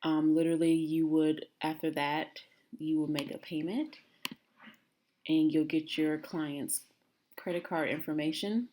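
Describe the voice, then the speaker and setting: A woman's voice: low voice, darkish tone. A woman in a casual screen-recorded tutorial, walking viewers through booking steps as a travel agent trainer. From United States. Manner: casual, talks to viewers as "guys". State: out of breath.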